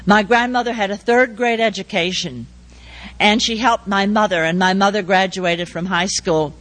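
Older woman, speech, storytelling, plays out dialogue, average pitch. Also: moderate pace, a bit bright, poor audio. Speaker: speaker.

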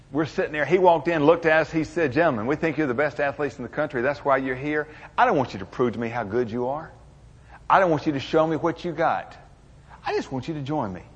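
A man's voice: fairly high pitch, fairly bright tone, slightly rough, highs cut off. Folksy older man in an echoey hall. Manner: folksy, humorous, drawling storyteller. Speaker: motivational speaker. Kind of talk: storytelling speech to an audience.

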